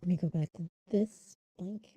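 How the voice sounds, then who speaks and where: A woman's voice: on the low side, moderate pace, dry recording, muffled recording. A young woman streaming live, chatting casually and apologizing for her hiccups on a close desk microphone. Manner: chatty, apologetic, laughing, humming to herself.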